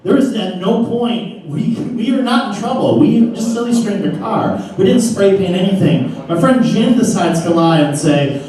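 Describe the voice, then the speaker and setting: A man's voice: high voice, animated, normal speed, few pauses, darkish tone, slight background noise. A man telling a comic story about his youth to a live audience, casual and profane. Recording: roomy live room from a distance.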